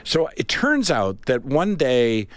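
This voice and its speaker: Guy on talk radio, acts out the voices in his story, pitch jumps all over, dry close mic. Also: takes it slowly, no echo. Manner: animated, acts out both sides of the conversation. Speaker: radio talk show co-host. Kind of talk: casual on-air storytelling.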